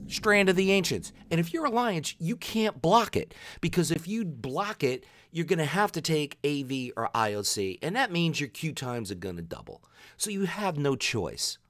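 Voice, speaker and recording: A man giving opinionated commentary on a video game, telling stories in an animated rant. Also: a little high, moderate pace. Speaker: gaming video creator.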